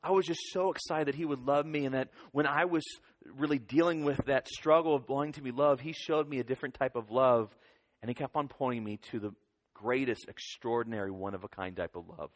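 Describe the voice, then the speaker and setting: A man in his thirties giving a lively children's sermon, leading the kids in call-and-response. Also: mid-range voice, a little fast. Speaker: children's pastor. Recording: long hall reverb.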